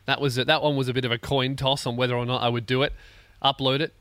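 A man's voice: medium pitch, little pitch movement, quick pace, fairly bright tone, no room sound. An Australian man hosting a comedy podcast, ranting sarcastically with lots of swearing while in pain from a neck injury. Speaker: podcast host.

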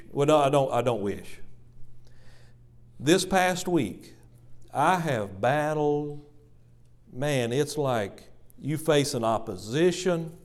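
A man preaching a sermon in church, dramatic and repetitive, calling the congregation folks. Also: on the high side. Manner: dramatic swings between loud emphasis and hushed asides. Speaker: pastor.

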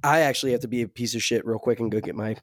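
Young male podcast co-host, mid pitch, dry sound, relaxed and wry. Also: racing, no room sound. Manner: relaxed, joking, steering the talk. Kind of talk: casual chat.

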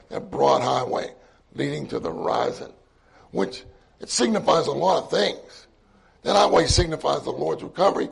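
Male church speaker, sermon anecdote, slightly high, raspy, relaxed conversational delivery. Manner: conversational anecdote with quoted dialogue and laughs. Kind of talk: sermon storytelling.

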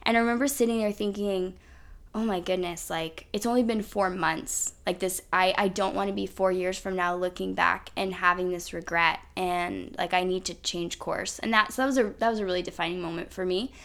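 A woman's voice: fairly low pitch, steady tone, fairly quick, fairly bright tone. A woman hosting a podcast, telling a personal story in a chatty way full of "like" and "um". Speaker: podcast host. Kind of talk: casual storytelling.

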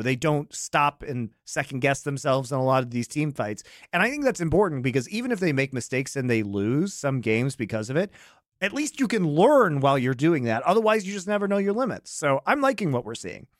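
A man co-hosting an esports podcast, giving measured, thoughtful analysis in a casual tone. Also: a little high, dry recording, clean studio sound. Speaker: podcast co-host.

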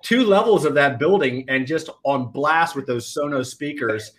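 An American man, a guest on a podcast, chatting in a relaxed way with plenty of "like" fillers. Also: mid-range voice, normal speed. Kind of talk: casual chat.

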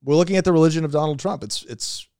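A man's voice: a little high, a little mellow, clean tone. Crude joking man hosting a reaction chat. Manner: joking, crude, quick interruptions. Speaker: host.

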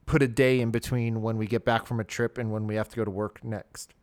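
A man's voice: on the low side, little pitch movement, a little fast, darkish tone, no room sound. A young man co-hosting a podcast, chatting casually and laughing at himself. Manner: self-deprecating, laughs at himself. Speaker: podcast co-host.

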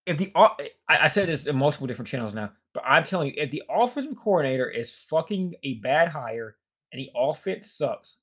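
A man's voice: mid-range voice, a bit bright. A young man rambling in a tired, frustrated, profane rant, worn out and fatigued. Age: young adult. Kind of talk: casual rant.

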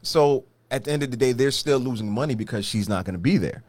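Lively-voiced man co-hosting a podcast. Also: medium pitch, quick pace, no room sound. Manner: lively, questioning, laughs easily. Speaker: podcast co-host. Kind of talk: casual chat.

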